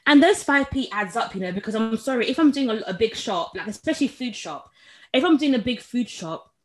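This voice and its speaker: A woman from England co-hosts a casual podcast, talking in a slightly high voice. She tells stories with lively acted-out quotes. Her delivery is chatty and animated. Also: brisk. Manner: animated storytelling, acts out quotes. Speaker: podcast co-host. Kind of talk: casual chat.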